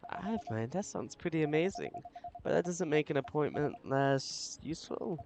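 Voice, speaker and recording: A man's voice: fairly high pitch, animated, normal speed, vocal fry, noisy background. Playful man reading a game aloud. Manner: playful, goofs between lines. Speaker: let's-play host.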